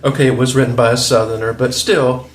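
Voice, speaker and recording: A man's voice: mid-range voice, level tone, fast. A man in his forties with a Southern US accent, hosting a rambling, opinionated monologue with chuckling asides. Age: 40s. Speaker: video host. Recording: roomy echo.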